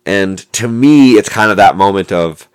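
A man's voice: fairly low pitch, lively intonation, normal speed, clean tone. A man co-hosting a podcast, chatting casually about a movie, rambling with lots of fillers and restarts. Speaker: podcast co-host. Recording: noisy amateur mic recording.

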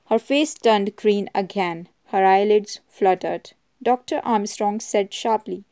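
A woman narrating a mystery novel as an audiobook in a measured, even manner. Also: medium pitch. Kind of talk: audiobook reading.

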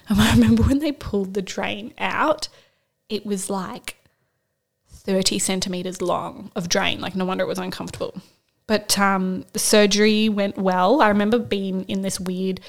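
A woman in early adulthood tells a personal story on a podcast. She talks openly and rambles, with frequent fillers and "like" throughout. Her pitch sits in an ordinary middle range for a woman. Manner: candid, rambling, many fillers and "like". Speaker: podcast co-host. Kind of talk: casual storytelling chat.

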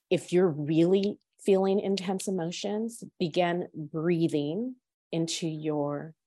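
A woman with a fairly low voice talks in an earnest, gentle coaching way. She is a podcast guest, recorded dry and close on the mic. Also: dry recording. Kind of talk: podcast interview.

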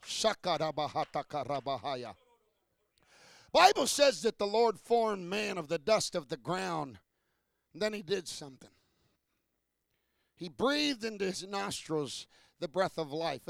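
Gravelly, high-voiced preacher man. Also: big pitch swings, measured pace, no echo, studio quality. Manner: building from low talk to shouting peaks; calls and questions to the congregation. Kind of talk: sermon.

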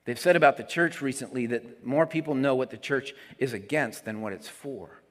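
A male pastor giving a conversational sermon, moving between quiet asides and emphatic declarations. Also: mid-range voice, normal speed. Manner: conversational preaching, swings between soft asides and emphatic lines. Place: church sanctuary. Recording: long hall reverb.

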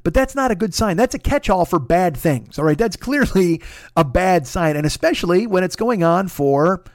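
A man's voice: high-pitched, animated, normal speed, no echo, studio quality. A man hosting a podcast, telling a rambling, profane, confessional story in a casual monologue. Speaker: podcast host.

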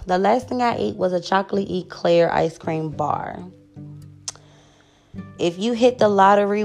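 Slow, gravelly woman in her twenties. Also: on the low side. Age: 20s. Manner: hiccupping and burping, excusing herself often. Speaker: vlogger. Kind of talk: casual Q&A chat to camera.

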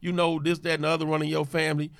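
Man, casual podcast talk, blunt and profane, quick delivery, dry close sound. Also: fairly high pitch, level tone, no room sound.

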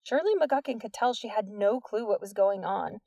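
A woman narrating an audiobook in an even storytelling read. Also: mid-range voice, normal speed, vocal fry, dry recording, recorded from a distance, highs cut off.

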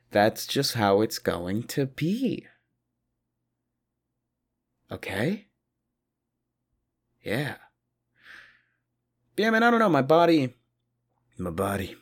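A young man hosting a solo podcast, rambling and swearing, with sudden loud mock-indignant bursts. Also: fairly low pitch. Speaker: podcast host. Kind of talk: solo comedic rant.

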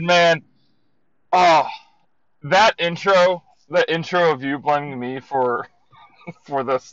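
A man co-hosting a podcast, from Florida, rambling excitably and laughing as he records a message to his friend from his car. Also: on the high side, no room sound, dull audio. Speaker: podcast co-host. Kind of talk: casual voice-memo chat while driving. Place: in a car in traffic.

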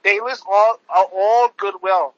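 A podcast host with a high voice and fairly even intonation rants a little slowly, swearing freely and using lots of fillers and restarts. The recording is dry, dull, and lo-fi.

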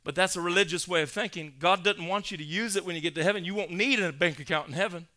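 A male pastor preaching a sermon, emphatic, building to loud, insistent peaks and quizzing his congregation. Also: high voice, fast.

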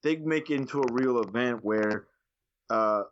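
A man co-hosting a casual movie review chat, animated and swearing freely. He acts out his own reactions with jumps in pitch. The recording is a little dull and lo-fi. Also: a little slow, slight background noise. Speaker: podcast co-host reviewing movies.

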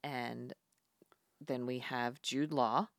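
A woman co-hosting a casual chat, blunt and animated, swearing freely. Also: a bass voice, very slow, dry recording, clean studio sound. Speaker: podcast co-host.

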